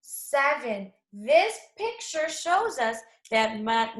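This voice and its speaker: A woman teaching a math lesson to young children, speaking slowly and clearly, asking questions and then answering them herself. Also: sits high, sing-song, a bit bright. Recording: echoey room.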